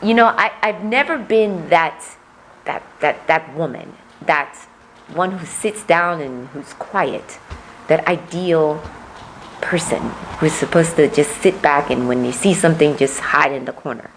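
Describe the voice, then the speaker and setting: Woman, political candidate, soft low voice lacking volume, earnest, repeats words to build her points, faint background noise. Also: measured pace, poor audio. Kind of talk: interview answers.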